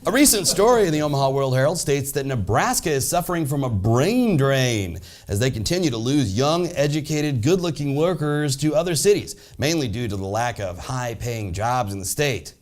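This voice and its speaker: A man's voice: mid-range voice, lively intonation, moderate pace, hardly any pauses. A man co-anchoring a satirical local news sketch in a goofy, bumbling way that gets carried away.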